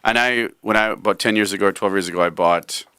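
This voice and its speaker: A man's voice: fairly low pitch, quick pace, sharp tone, clean tone, dry recording. A man hosting a radio show, agreeing with his guest and adding his own thoughts. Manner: agreeable, chimes in with short replies. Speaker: host. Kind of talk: casual chat. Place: radio studio.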